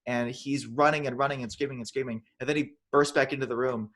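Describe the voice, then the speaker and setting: A man's voice: mid-range voice, fairly even intonation, fast, fairly bright tone. Rambling man retelling a film. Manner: rambling, many restarts, acts out lines in funny voices. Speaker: podcast co-host. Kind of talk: casual chat retelling a film.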